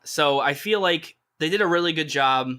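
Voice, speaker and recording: Bright, animated man chatting casually. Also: fairly high pitch, normal speed, smooth. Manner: rambling, animated, acts out characters' reactions. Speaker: podcast co-host. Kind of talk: casual chat.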